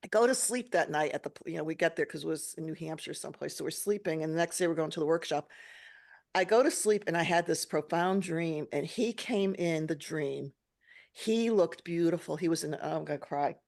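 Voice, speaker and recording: A woman's voice: deep voice, a little fast. A woman podcast host telling a personal story with feeling and acting out the dialogue. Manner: emotional, animated, acts out dialogue.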